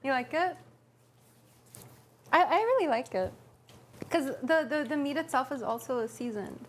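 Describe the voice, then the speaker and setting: A woman's voice: high-pitched, animated, measured pace, a little hiss or hum. A woman streamer chatting casually and teasing her friend while cooking in a home kitchen.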